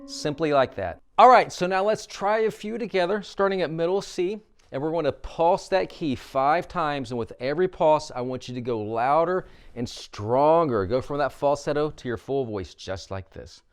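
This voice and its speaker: A man's voice: fairly high pitch, expressive, moderate pace, hardly any pauses, smooth, soft background music. Upbeat male vocal coach leading exercises. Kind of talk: instructional vocal warmup.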